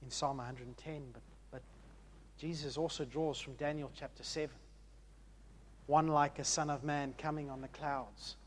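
A man preaching a sermon in an emphatic way, moving between hushed and loud passages and often repeating words. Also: on the high side, steady tone, moderate pace, a little hiss or hum.

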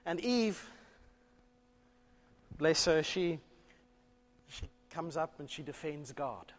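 A man preaching a sermon in church, telling a story with animated delivery and rhetorical questions. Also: fairly high pitch, takes it slowly. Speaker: pastor. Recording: long church reverb.

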